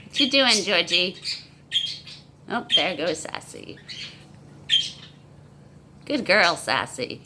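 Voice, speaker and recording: A woman's voice: fairly low pitch, big pitch swings, slow, long pauses, heavy background noise. A woman coaxing her pets in a sing-song, baby-talk voice, recorded on a phone at home. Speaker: pet owner. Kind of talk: talking to pets. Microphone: phone camera.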